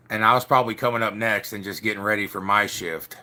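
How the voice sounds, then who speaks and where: A man's voice: lowish voice, fast talker, hardly any pauses, sharp tone. A young man telling stories casually to camera in a loose, slangy, swearing way, acting out the quotes.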